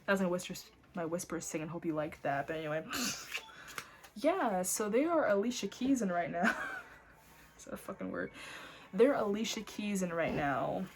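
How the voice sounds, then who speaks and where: A young woman doing a casual tarot reading at home, talking in a lively, loose way with frequent swearing and exclamations. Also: on the low side, normal speed, pauses often, a little hiss or hum. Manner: animated, swearing, breaks into laughs and snatches of singing. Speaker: tarot reader.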